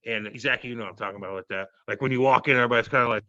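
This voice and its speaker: A man in his thirties, a former hockey player, telling stories loudly and profanely in a casual interview. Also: mid-range voice, very fast, no echo, highs cut off. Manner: loud, profane, animated storytelling.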